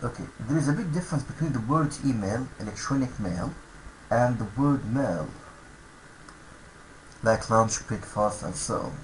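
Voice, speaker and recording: An Egyptian man teaches English vocabulary to schoolchildren, slowly saying each word twice aloud for learners and then explaining it. His voice is mid-range, and the poor audio carries slight background noise.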